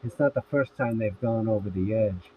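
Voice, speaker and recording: A man voicing a wry young man in jail, dry and sarcastic in a script reading. His voice sits fairly low, and the sound is narrow and phone-like with a faint hiss. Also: normal speed, lightly acted.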